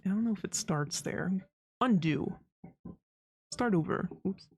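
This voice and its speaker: A woman's voice: lowish voice, lively intonation, a little slow, husky. A woman streaming her art, chatting casually and rambling as she draws, with frequent giggles and playful sound effects. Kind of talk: casual chat while drawing.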